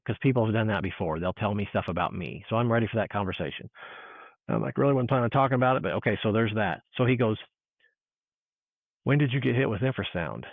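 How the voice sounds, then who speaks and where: A man telling a personal encounter story in casual chat, animated and full of restarts, acting out what people said. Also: on the low side, dry recording. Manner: animated storyteller, restarts, acts out quoted dialogue. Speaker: guest. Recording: tinny phone-like line.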